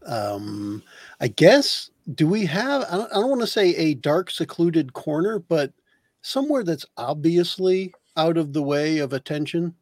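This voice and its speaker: A man's voice: a little high, very animated, a little slow, dry recording. A man playing a tabletop game, talking casually and a bit hesitantly about his next move. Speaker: player.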